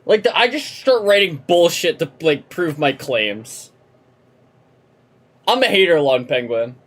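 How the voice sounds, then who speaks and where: A woman's voice: low voice, unhurried. A young adult woman streaming a game, chatting and ranting with lots of swearing. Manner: ranting, profane, animated. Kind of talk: live game-stream chat.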